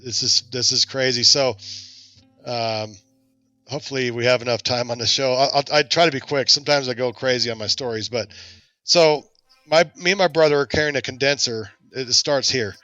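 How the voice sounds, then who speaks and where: A man hosting a podcast, telling a self-deprecating story in a lively, casual way. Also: medium pitch, normal speed, no echo, muffled recording, faint music behind. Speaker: podcast host.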